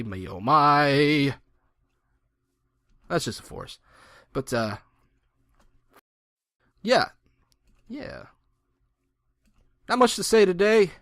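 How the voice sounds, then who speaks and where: A man's voice: medium pitch, no echo, studio quality. A man in his twenties giving rambling, joking gameplay commentary and mocking himself. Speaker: gaming channel host.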